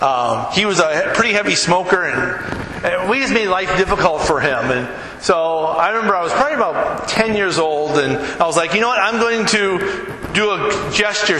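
A man's voice: fairly high pitch, a little hiss or hum. A man preaching a sermon as a pastor, telling stories animatedly and acting out the people in them. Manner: animated storyteller who acts out quotes. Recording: echoey hall, faint ambience.

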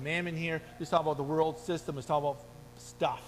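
A man's voice: a little high, steady tone, quick pace. A middle-aged man preaching a sermon, earnest and exhorting, quoting scripture as he urges his listeners. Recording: long hall reverb, faint hum.

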